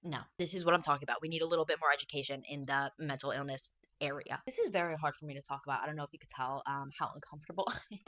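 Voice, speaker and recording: A woman giving personal commentary to camera, speaking slowly and haltingly, soft and emotional. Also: low voice. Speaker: video essay creator.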